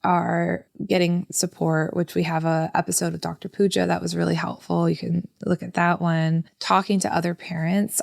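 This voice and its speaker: A woman's voice: on the low side, creaky, no room sound, clean studio sound. A woman in her thirties, a therapist hosting a parenting podcast, talking casually with lots of "like" fillers. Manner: chatty, frequent "like" fillers. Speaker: podcast host.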